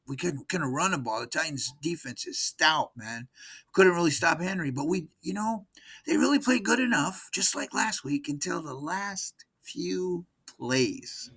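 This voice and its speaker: A man's voice: on the high side, animated, unhurried, pushed and bright, breathy edge. A man in his sixties giving a rambling, exasperated recap of his team's game in casual vlog talk, often repeating himself. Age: 60s. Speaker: sports fan vlogger.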